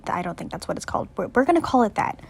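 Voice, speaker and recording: A woman's voice: medium pitch, sing-song, racing, vocal fry, breathy edge. A teenage girl casually summarizing a book, rambling and jokey, with many "like"s. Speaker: student doing a book summary. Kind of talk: casual chat.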